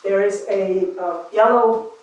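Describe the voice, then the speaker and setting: A woman's voice: medium pitch, steady tone, takes it slowly, a little mellow, recorded from a distance, highs cut off, lightly acted. A woman playing a strict 1800s village schoolmistress in a living-history classroom reenactment, prim and scolding with the pupils. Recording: echoey room from afar, noisy.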